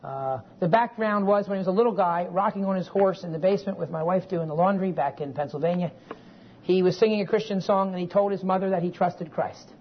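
A man's voice: high voice, a little fast. A man in his forties teaching a Bible class, telling a family story in a folksy, digressive way and often checking in with his listeners. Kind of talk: classroom lecture with personal story. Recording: dull lo-fi recording with faint hiss.

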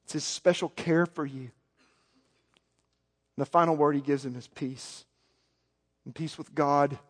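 A man preaching a sermon as pastor, moving from quiet storytelling to yelling with passion. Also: fairly high pitch, steady tone, unhurried. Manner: swings from soft to yelling. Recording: long hall reverb.

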